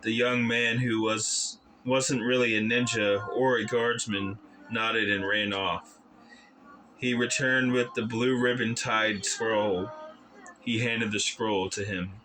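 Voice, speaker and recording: A man reading his novel aloud as narrator, deliberate and careful, sometimes correcting himself. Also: fairly low pitch, fairly even intonation, noisy background. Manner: slow, deliberate reading with occasional self-corrections. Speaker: audiobook narrator. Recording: background music under the voice.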